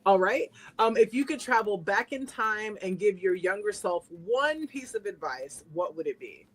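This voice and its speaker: A bubbly woman co-hosting a podcast from a video call, asking questions in an everyday mid-range voice. She laughs often and talks in an expressive way. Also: mid-range voice, normal speed. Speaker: podcast co-host. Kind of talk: casual interview chat.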